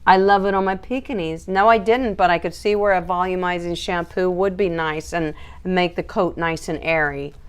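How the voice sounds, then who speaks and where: A woman dog groomer hosting a casual live stream, chatting and reading out viewer comments in an animated, laughing way. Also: lowish voice, normal speed, few pauses, clean tone.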